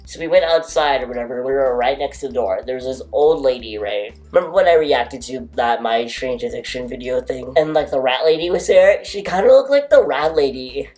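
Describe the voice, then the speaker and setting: A man casually telling a rambling story, packed with "like" fillers, jumping into high squeaky voices to quote people and animals. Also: a little mellow. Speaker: storytime vlogger.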